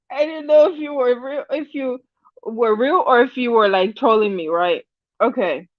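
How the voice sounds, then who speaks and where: On a casual livestream, a woman with a fairly high voice reads the chat aloud at a normal speed, rambling, restarting, and laughing often. It's a dull, dry lo-fi recording without echo.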